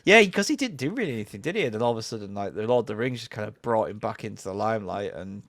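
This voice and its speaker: A man's voice: lowish voice, animated, rapid-fire, a bit bright, no echo, studio quality. A man co-hosting a podcast in casual chat, enthusiastic and ending points with tag questions. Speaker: podcast co-host.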